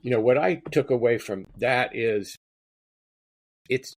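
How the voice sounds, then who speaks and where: A guest author in an interview talks in a rambling manner and frequently repeats his words. His voice is medium in pitch, his pace measured, and the recording has no echo.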